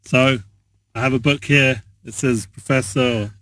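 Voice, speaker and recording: A man hosting the show, reading viewer questions aloud and adding quick casual comments. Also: mid-range voice, fairly even intonation, a bit bright, no echo, distant mic. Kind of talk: casual chat. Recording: dry, a bit off-mic.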